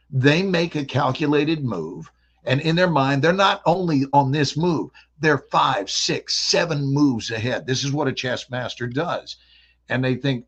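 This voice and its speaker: Gravelly Southern man, playful storyteller. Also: mid-range voice. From American South. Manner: animated, playful, slips into voices. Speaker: actor guest. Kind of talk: casual interview storytelling.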